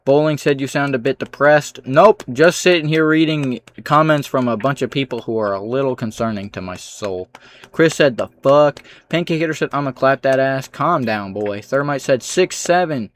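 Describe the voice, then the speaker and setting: A man livestreaming, reading out chat comments with dry, sarcastic replies and low-key asides. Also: moderate pace, slight background noise.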